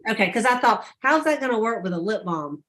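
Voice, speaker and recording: A woman telling stories on a casual sales call, chatty and animated. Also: brisk, slight background noise. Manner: chatty storyteller, acts out quotes with high voices. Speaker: sales director.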